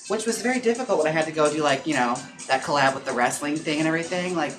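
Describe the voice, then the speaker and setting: On a rough recording with music playing behind him, a young adult drag performer gossips his way through viewer comments on his live stream. He sounds high-ish and expressive, laughing quickly and leaning on "like" and "girl" constantly.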